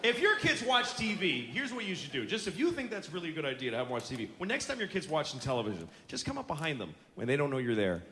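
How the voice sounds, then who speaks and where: A man's voice: a little high, sing-song, fast talker, few pauses, bright, forceful tone, a little hiss or hum. A man doing stand-up comedy in a theater, ranting in an exasperated, profane way. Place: theater stage. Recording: echoey theater, audience laughter.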